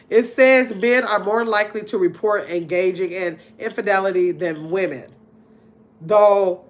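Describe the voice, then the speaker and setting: Middle-aged woman, livestream host, chatty, laughs often, casual talk to viewers. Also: lowish voice. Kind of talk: casual live-stream chat reading viewer comments.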